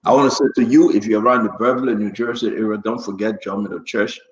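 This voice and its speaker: A man's voice: fairly low pitch, fairly even intonation, fast, echoey room, highs cut off. A man hosting a live talk show and greeting viewers by name, stumbling over hard names as he reads them out. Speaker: show host and preacher. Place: New Jersey area.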